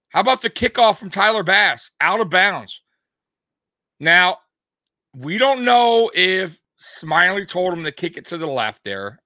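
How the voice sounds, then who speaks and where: A young man hosting a fan sports show, talking casually and ranting in an animated way, swearing now and then. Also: fairly high pitch, no echo, studio quality. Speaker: sports podcast host.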